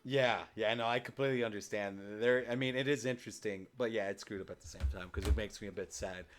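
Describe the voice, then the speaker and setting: A man's voice: on the low side, steady tone, fast. Easygoing male podcast host. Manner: loose and rambling, full of fillers. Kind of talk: casual chat.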